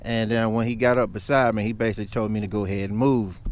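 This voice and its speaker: Smooth-voiced man ranting on camera. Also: lowish voice, flat delivery, quick pace. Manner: heated and emphatic. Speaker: vlogger. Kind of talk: casual storytelling rant.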